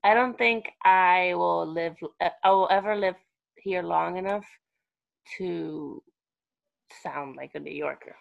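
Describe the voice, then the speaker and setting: Casual podcast co-host: woman with gravelly fry, blunt and swearing, easygoing chatter. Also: on the low side, takes it slowly, lo-fi sound. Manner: swears freely, teasing. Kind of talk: casual chat. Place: lives in New York City.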